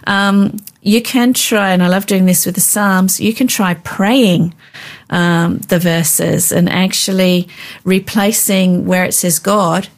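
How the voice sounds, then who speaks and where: A woman's voice: on the low side, fairly even intonation, slow pace. A woman co-hosting a devotional chat, earnestly explaining practical ways to read the Bible and pray. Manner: earnest, practical, gently instructive. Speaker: co-host teaching Bible reading. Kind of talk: casual devotional teaching chat.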